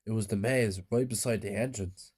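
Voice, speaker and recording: A man's voice: fairly low pitch, moderate pace, darkish tone, husky. A man narrating a horror story in a subdued, plain storytelling way.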